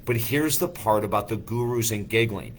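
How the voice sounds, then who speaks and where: A man's voice: lowish voice, moderate pace, a little hiss or hum. A man who is a life coach, giving an enthusiastic motivational talk full of rhetorical questions.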